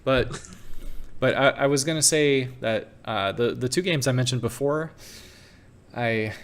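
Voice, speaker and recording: A man's voice: mid-range voice, unhurried, smooth. A man co-hosting a casual gaming podcast, talking hesitantly with stammered restarts. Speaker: podcast co-host. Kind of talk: casual chat.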